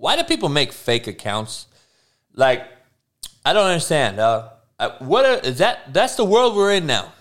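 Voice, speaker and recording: Young man, slangy profane stream rant, lively swooping voice, slightly high pitch. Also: normal speed. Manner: loose slangy rants with swearing and laughs. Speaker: livestream host. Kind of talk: profane casual stream talk.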